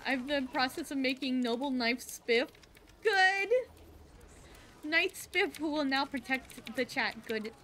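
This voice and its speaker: A chatty woman talks with her viewers while playing a game, excitable and eager. Her voice sits a little high. A soft hiss of noise runs faintly under the recording. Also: moderate pace, few pauses. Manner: excitable, chatty, answers chat as she plays. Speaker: game streamer. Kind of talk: casual live-stream chat.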